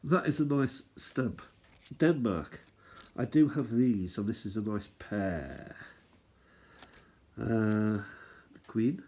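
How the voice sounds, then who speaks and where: A man's voice: on the low side, expressive, takes it slowly, long pauses, dark tone. A man hosting a stamp collecting channel, rambling and thinking aloud as he chats casually through what he's showing. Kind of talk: casual show-and-tell chat.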